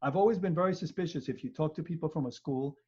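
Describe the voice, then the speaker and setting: A law professor in his fifties with a New York accent, lecturing over a webinar. His voice sits a little high and sounds husky, and he jokes and acts out the people he quotes. The computer-mic audio comes through muffled and lo-fi. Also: fast, dark tone. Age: 50s. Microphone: computer mic on video call.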